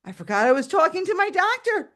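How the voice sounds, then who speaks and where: A woman storyteller telling a personal tale aloud over a video call, animated and dramatic. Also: fast. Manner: animated and dramatic, shouting at high points. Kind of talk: live oral storytelling.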